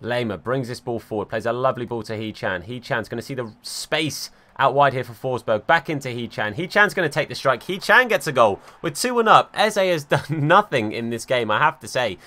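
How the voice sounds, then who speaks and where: Excitable man commentating a football game. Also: medium pitch, fairly quick, few pauses. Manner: excitable, swings from calm play-by-play to exasperated outbursts. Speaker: gaming YouTuber. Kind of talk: live gameplay commentary.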